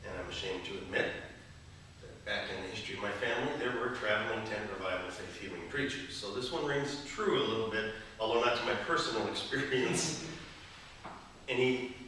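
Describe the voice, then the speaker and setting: A man's voice: lowish voice, sharp tone, a little hiss or hum. A man giving a sermon as a bishop, telling stories and jokes to a gathering. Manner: storytelling, joking. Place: gathering hall. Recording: echoey hall, mic from far off.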